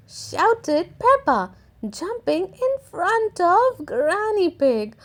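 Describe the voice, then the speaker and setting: A woman reading a children's picture book aloud, slowly and expressively for young listeners. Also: extremely high pitch, very animated. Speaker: storyteller. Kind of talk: children's story read-aloud.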